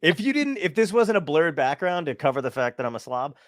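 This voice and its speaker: A man's voice: a little high, big pitch swings, a little fast, no echo, clean studio sound. A man hosting a casual chat show, talking loosely, swearing freely and laughing often. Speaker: host.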